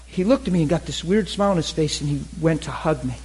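A man preaching a storytelling sermon, talking conversationally and getting animated, with laughs and shouts at the peaks. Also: on the high side, quick pace, breathy edge, poor audio.

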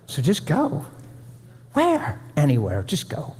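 A man's voice: a little high, moderate pace, mellow. A man preaching a sermon to a room, folksy and conversational, pleading with his listeners. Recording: long hall reverb.

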